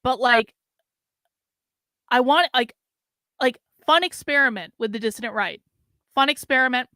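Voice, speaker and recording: Bright-voiced drained woman host, rambling. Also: high voice, moderate pace, dry recording, studio quality. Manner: rambling and exasperated, heavy on fillers. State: drained and low on energy. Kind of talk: casual solo commentary.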